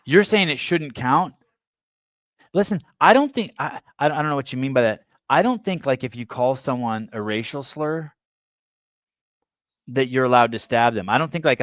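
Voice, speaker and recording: A man's voice: mid-range voice, a bit bright, clean tone, no echo. A man from the San Francisco Bay Area hosting a podcast. He reads a news article aloud and breaks off into blunt, provocative, irreverent asides. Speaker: podcast host.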